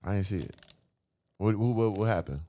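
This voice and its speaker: A man hosting a podcast, mostly asking short probing questions and affirming with quick interjections. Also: fairly low pitch, expressive, mellow. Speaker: podcast host. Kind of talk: casual interview chat.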